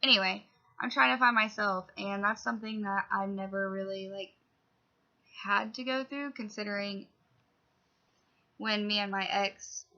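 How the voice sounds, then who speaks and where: A woman's voice: medium pitch, fairly even intonation, moderate pace, pauses often, sharp tone, lo-fi sound. A young woman talking casually to camera in a personal vlog, rambling and chatty with lots of "like". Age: young adult. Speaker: vlogger.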